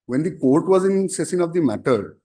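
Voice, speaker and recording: A man arguing a case as an advocate in a courtroom, formal and halting, constantly addressing the bench. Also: a little high, sing-song, warm tone. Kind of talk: courtroom argument.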